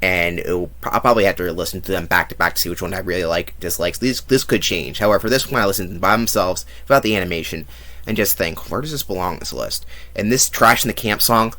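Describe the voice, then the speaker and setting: A man's voice: low-pitched, fast, sharp tone. A man giving a blunt, profane movie review monologue, ranking things and mocking what he hates. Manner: blunt, profane and mocking, with fake sung bits.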